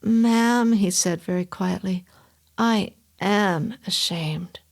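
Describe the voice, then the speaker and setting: A woman reading a story aloud, voicing a shabby, gentle old man playing a store Santa who speaks very quietly. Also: medium pitch, fairly even intonation, slow pace. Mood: meek. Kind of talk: audiobook reading.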